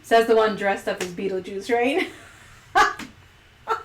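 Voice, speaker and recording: A woman's voice: mid-range voice, expressive, a little slow, slight background noise. Giggly female stream host, casual and playful, echoey room. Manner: playful, giggly, reads poll questions aloud. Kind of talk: casual livestream chat.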